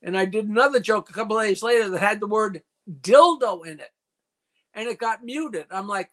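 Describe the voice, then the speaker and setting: A man's voice: high-pitched, moderate pace, a bit bright. An older man in his seventies from New York, a comedian guest in a casual call-in chat, rattling off dirty jokes and stories.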